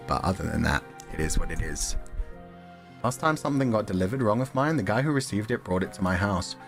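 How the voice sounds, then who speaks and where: A man's voice: on the low side, fairly bright tone. A man streaming and chatting casually with his viewers, rambling and laughing often between remarks. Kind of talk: casual livestream chat.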